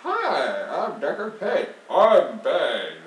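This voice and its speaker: Male gamer doing a slow, gruff old sage-villain voice, pitched up and drawn out; roomy, distant mic. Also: huge pitch swings, exaggerated voice. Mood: mocking. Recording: echoey room, mic at a distance, faint noise.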